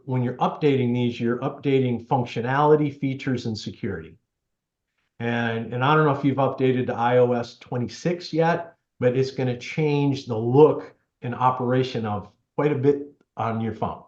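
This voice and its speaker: In a relaxed interview, a guest who does tech help for seniors speaks in a mid-range voice at a moderate pace. Chatty and animated, he shares anecdotes and acts out the people he quotes, while the sound comes across slightly dull and echoey, as if in a large room.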